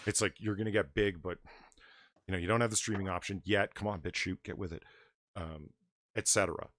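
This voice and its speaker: A man hosts a casual live stream, rambling animatedly and reading donations aloud. His voice is low and brisk, with no room sound.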